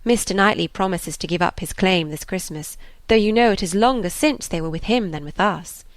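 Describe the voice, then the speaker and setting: A woman voicing a confident, clever young lady in an audiobook, brisk and reassuring. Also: on the low side, no room sound, lightly acted. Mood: assured.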